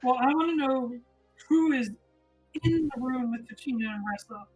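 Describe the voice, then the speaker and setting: A woman narrating as game master of a tabletop game, unhurried and pausing to find her words. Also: high voice, darkish tone, lo-fi sound, faint music behind.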